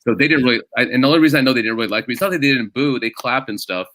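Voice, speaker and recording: A man's voice: mid-range voice, lively intonation, rapid-fire, fairly bright tone. A male stand-up comedian as a guest on a casual podcast, telling rambling self-deprecating stories.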